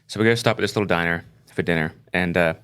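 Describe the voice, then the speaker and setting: A middle-aged podcast co-host tells a story in casual conversation, acting out the people he quotes. His voice is low-pitched, smooth, and fairly bright, and he talks at a quick pace.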